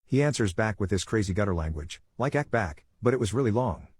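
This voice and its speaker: A man narrating an online story in the first person, reading in a steady way. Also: fairly low pitch, quick pace, breathy edge, no echo.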